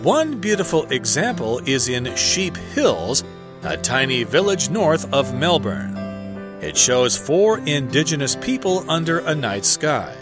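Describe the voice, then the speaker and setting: A man reading a lesson text aloud slowly and carefully. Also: medium pitch, big pitch swings. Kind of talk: scripted reading. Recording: reading over guitar music.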